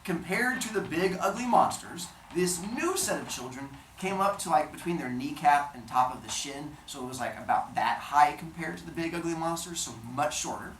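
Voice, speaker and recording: Teacher, woman, low voice, lively comic myth storyteller with chatty asides. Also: moderate pace, hardly any pauses, echoey room, slight background noise, rough recording. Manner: animated, jokey, chatty asides. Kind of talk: comic storytelling of myths to a class.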